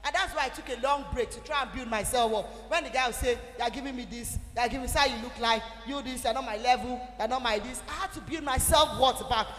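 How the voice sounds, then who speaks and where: A young Nigerian woman with a Nigerian English accent, giving an animated, emphatic teaching talk to a church audience. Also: fairly high pitch, fast talker, few pauses. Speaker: church speaker. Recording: echoey hall with faint music.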